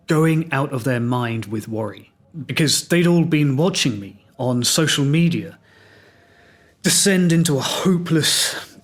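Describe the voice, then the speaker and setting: English man, solo podcast host, wry and reflective storyteller, mid-range voice. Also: mid-range voice. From England. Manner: reflective, wry, self-deprecating.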